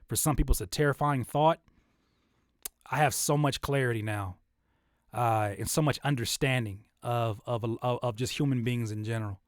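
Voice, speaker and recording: A young man talking casually about making videos, animated and loose with plenty of restarts. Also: medium pitch, normal speed, no room sound, studio quality. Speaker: YouTuber and rapper giving creator advice. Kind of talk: casual livestream-style talk.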